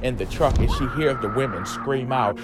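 A man's voice: normal speed, very noisy. A man hosting a podcast, retelling a horror story in a sassy, slangy, campy comedic way. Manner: sassy, animated, slangy storytelling with lively swoops in pitch. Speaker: podcast host retelling a comic book story. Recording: music playing under the voice. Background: background music.

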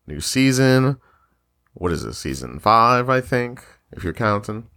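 A man's voice: medium pitch, big pitch swings, measured pace, bright, forceful tone. A man hosting a casual podcast chat, rambling with fillers and laughing often. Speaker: podcast host.

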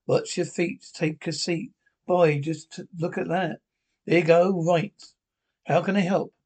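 A cranky old Glasgow pensioner. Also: male voice, a little high, fairly even intonation, unhurried, darkish tone, breathy edge. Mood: banter. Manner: bickering, crude banter. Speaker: sitcom pensioner. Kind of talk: broadcast sitcom acting.

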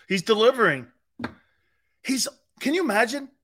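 A man's voice: very high voice, expressive, measured pace, bright, forceful tone. A man hosting a sports radio show, talking in a rambling, jokey monologue, laughing often and slipping into silly voices. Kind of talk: animated sports talk monologue.

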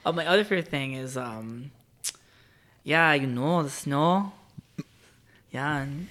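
A man's voice: medium pitch, moderate pace, long pauses, fairly bright tone. A young man from South New Jersey, chatting casually as a podcast guest and rambling with lots of fillers and restarts. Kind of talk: casual chat.

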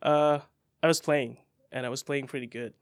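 A young man from Indonesia, a guest in a podcast studio, telling his story in a relaxed way with many fillers. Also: mid-range voice, normal speed, no room sound. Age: young adult. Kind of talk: casual interview.

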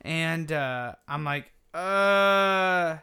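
A man's voice: high-pitched, moderate pace, clear, resonant tone. A man co-hosting a gaming podcast, telling a long story in casual chat, swearing freely and acting out quotes as he goes. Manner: profane, animated storytelling with acted quotes. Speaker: podcast co-host.

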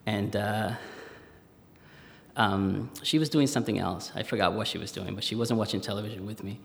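A man, telling a personal story live on stage in a conversational way, with pauses and fillers. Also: lowish voice, vocal fry. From Spanish Harlem, New York. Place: stage in a museum hall, live audience. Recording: reverberant live hall.

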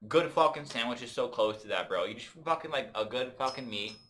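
A man's voice: mid-range voice, fairly quick, a bit bright, slight background noise. A man, a stand-up comedian from Canada, telling rambling, profane stories in casual podcast chat, full of restarts.

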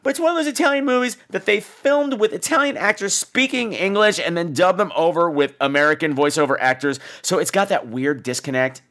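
A man's voice: high-pitched, brisk, hardly any pauses, a bit bright. A man hosting a casual comedic horror film review, sarcastic and profane, acting out the scenes. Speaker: podcast host reviewing horror films.

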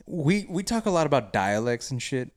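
A man's voice: mid-range voice, very animated, moderate pace. A man co-hosting a casual podcast chat, joking and laughing often. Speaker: podcast co-host.

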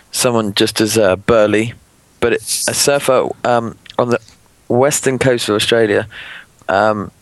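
A man co-hosting a podcast in a casual chat, telling a story haltingly and laughing mid-sentence. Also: fairly low pitch, dry recording. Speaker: podcast co-host.

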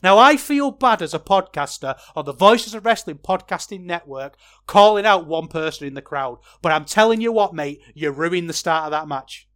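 A man, a wrestling podcaster, talking through a match review in a casual, chatty way that gets animated when he rants. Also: on the high side, normal speed, few pauses.

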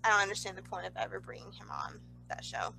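A woman co-hosting a casual wrestling podcast, animated, swearing casually and laughing often. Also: fairly low pitch, fast, gravelly, rough recording. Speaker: podcast co-host.

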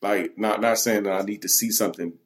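A man hosting a podcast in casual chat, halting and repeating words as he reassures his guest. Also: fairly low pitch, fairly even intonation. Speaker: podcast host.

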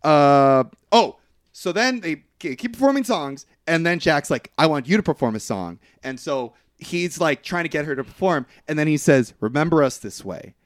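A man co-hosting a podcast, casually recapping a movie plot with lively quoted lines and frequent laughs. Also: fairly high pitch, normal speed, no room sound, clean studio sound. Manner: animated storytelling, quotes characters in put-on voices, laughs often. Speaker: podcast co-host.

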